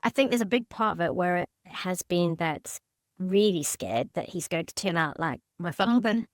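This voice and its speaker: A woman in counselling, speaking hesitantly and haltingly about her fears, with frequent restarts. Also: fairly low pitch, expressive, no room sound, studio quality. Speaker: mother seeking counselling. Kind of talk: emotional counselling conversation.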